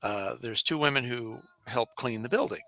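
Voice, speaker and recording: A man's voice: mid-range voice, normal speed, no echo. A man co-hosting a casual podcast chat, telling stories with frequent laughter and acted-out quotes. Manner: animated storyteller, laughs often, acts out quotes. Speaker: podcast co-host.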